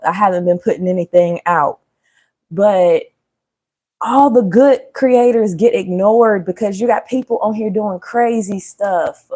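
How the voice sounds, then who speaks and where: A woman chatting casually and joking with viewers during a cooking livestream. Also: medium pitch. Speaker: livestream host.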